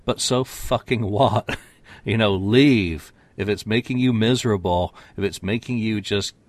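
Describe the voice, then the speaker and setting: A man's voice: on the low side, measured pace, dry recording. A man in a casual chat, speaking bluntly and swearing freely.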